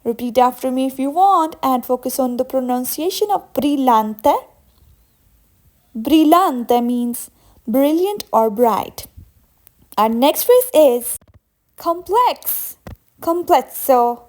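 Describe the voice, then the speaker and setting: Casting note: young woman, high and slow, a patient teacher who repeats each word twice. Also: expressive, a little mellow. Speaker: language teacher. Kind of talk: vocabulary lesson with slow repetition.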